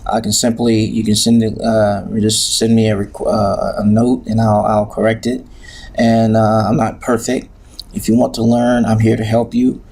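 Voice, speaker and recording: Gravelly-voiced man teaching grammar. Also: lowish voice, flat delivery, moderate pace, a little mellow. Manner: patient, hesitant, many filler sounds. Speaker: Arabic teacher. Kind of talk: recorded grammar lesson.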